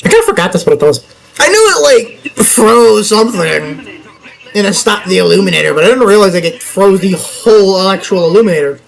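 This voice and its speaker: A man's voice: high-pitched, very animated, brisk, gravelly, rough recording. A young man chatting through a video game let's play, rambling and joking with himself and the game as he goes. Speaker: gaming channel host.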